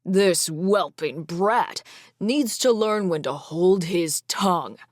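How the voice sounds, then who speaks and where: A woman's voice: lowish voice, lively intonation, slow, no room sound, clean studio sound. A woman voicing a whiny, arrogant male elf emperor who sneers and talks down to others, in an audiobook fantasy reading. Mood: haughty. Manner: sneering, petulant.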